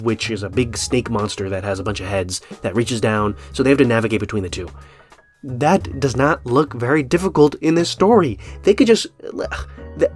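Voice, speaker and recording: A man in the middle of the usual pitch range for a man, talking through a film trailer in a loose, conversational way. He hesitates often with ums and uhs, and faint music plays underneath his voice. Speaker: film commentator. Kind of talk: casual video commentary.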